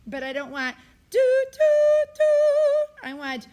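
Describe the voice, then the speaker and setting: High and unhurried, with a fairly bright tone, this choir teacher's tired voice sits over soft background music. She gives the singers directions and models short phrases by singing them in the recorded rehearsal.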